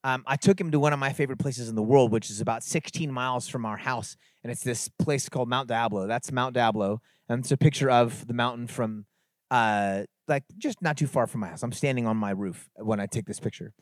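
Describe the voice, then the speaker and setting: A middle-aged man from the San Francisco Bay Area, telling a story and preaching at a youth conference in an animated, conversational way. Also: mid-range voice, a little fast, dry recording, clean studio sound. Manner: animated, conversational, builds to emphatic exhortation. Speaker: conference speaker. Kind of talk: sermon-style storytelling talk.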